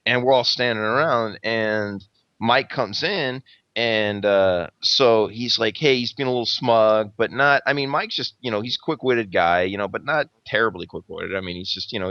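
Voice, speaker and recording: A man's voice: on the low side, pushed and bright, no room sound, dull audio. A man telling a rambling, profane fight story in casual podcast chat, acting out the quotes. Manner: rambling, heavy swearing, acts out quotes.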